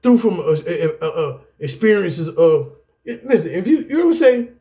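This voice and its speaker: A middle-aged man, teaching an anger management class through his own life story. He talks in an animated, preacherly way, addressing the room as "y'all.". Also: high voice, moderate pace. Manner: animated, preacherly, repeats "guess what" and "y'all". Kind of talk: personal testimony lecture.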